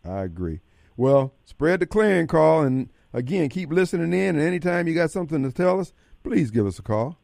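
A man's voice: on the high side, sing-song, brisk, vocal fry, darkish tone, no room sound, clean studio sound. A man hosting a radio talk show, folksy and fiery, taking callers and giving warnings. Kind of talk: talk radio monologue and call-in.

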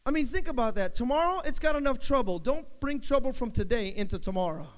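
A man's voice: extremely high pitch, expressive, fast. A male pastor preaching a sermon, with call-and-response and emphatic repetition. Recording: long hall reverb.

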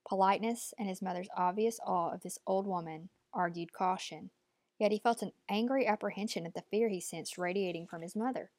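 A woman narrating an audiobook at a measured, steady pace. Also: mid-range voice, dry recording.

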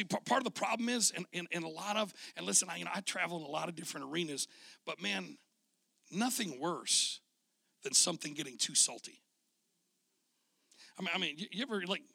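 A middle-aged male pastor preaches with a harshly scratchy, gravelly voice that sounds sharp and tense, pitched a little above most men. He tells folksy stories and stumbles over repeated words as he goes. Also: no echo. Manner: folksy storytelling with frequent word repeats. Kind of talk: sermon.

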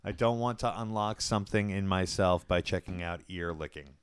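A man's voice: normal speed, a little hiss or hum. A man hosting a casual podcast, joking and crude in easy chat. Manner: crude, joking, lively pitch. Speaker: podcast host.

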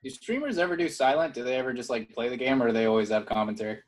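Young male co-host, meandering storyteller, quick to laugh, middle pitch. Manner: rambling, many fillers and restarts, laughs often. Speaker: podcast co-host. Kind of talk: casual chat.

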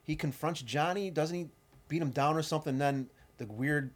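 A man co-hosting a casual podcast, piecing the plot together with halting restarts. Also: on the high side. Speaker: podcast co-host. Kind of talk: casual movie-recap chat.

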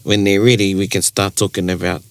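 A New Zealand man with a lowish voice talks through language points in an easy, conversational way. He acts out example phrases as he goes, and the sound is dry and close. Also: level tone, a little fast, gravelly, dry recording. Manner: explains by acting out example phrases. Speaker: te reo Māori podcast co-host. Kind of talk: casual conversational teaching.

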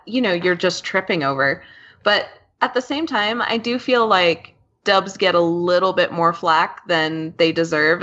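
A woman who translates, chatting casually in a relaxed, agreeable way. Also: fairly low pitch. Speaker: translator and co-host. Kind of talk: casual podcast chat. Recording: dull lo-fi sound.

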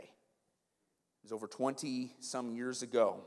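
A man in his forties preaching a conversational, animated sermon to his congregation. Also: medium pitch, measured pace. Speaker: pastor. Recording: long reverb of a large hall.

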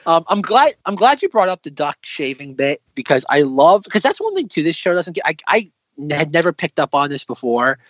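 A young man in his twenties chats casually as a co-host, talking with enthusiasm and often tripping over and repeating his words. His voice is a bit high and rises and falls a lot. The sound is dry and somewhat dull. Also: very animated, fairly quick, few pauses, a bit bright, dry recording. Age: 20s. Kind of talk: casual chat.

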